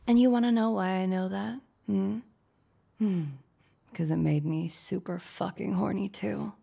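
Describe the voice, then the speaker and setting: A woman's voice: fairly low pitch, gravelly, dark tone. A young woman voicing a domineering, teasing woman boss in an intimate audio role-play, with a mocking, bossy way of talking.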